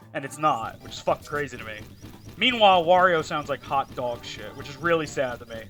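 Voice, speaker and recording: A man's voice: a little high, bright, forceful tone. A man streaming a game live, chatting casually in a profane, joking, rambling way. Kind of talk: casual chat while playing a game live.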